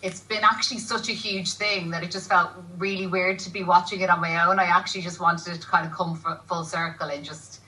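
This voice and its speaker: A woman's voice: on the low side, steady tone, a little fast, few pauses, pushed and bright, recorded from a distance, poor audio. A woman, an actress guest, chatting casually on a TV show, laughing often and rambling a little. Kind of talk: casual TV chat. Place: TV studio.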